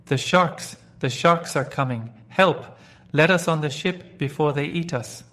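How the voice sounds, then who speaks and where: Storybook pirates in a panic, shrill and shouting, put on by a male reader. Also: measured pace. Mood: terrified. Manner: terrified yelling.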